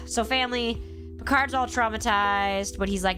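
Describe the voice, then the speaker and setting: Woman streamer, worn out and stuffy from a cold, loose profane chatter, music playing clearly behind her. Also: fairly high pitch, fairly even intonation, slow pace, a bit bright. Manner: rambling, profane, answers chat. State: tired, with a cold. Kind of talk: casual live-stream commentary.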